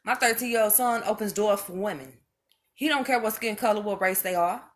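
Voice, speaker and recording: A woman's voice: mid-range voice, brisk. A mother speaking straight to her viewers in an impassioned monologue, emphatic and preachy, hammering home each point by repeating it.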